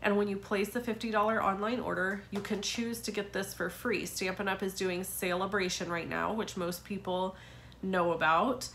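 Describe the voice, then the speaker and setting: A woman's voice: medium pitch, fairly even intonation, normal speed, a bit bright, a little hiss or hum. Stuffy-nosed woman chatting through a craft tutorial. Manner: chatty, frequent "um" fillers. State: stuffy nose from a cold. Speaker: card-making demonstrator.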